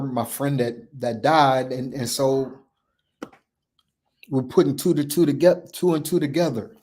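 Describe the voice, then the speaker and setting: A man's voice: mid-range voice, dark tone. Male podcast host, storyteller, emphatic and repetitive delivery with acted-out dialogue. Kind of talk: personal storytelling.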